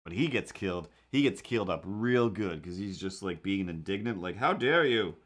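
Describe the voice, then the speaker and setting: A man hosting a livestream, chatting casually while he draws and telling rambling, animated stories with quick put-on voices. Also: sits low. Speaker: livestream host. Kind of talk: casual chat while drawing.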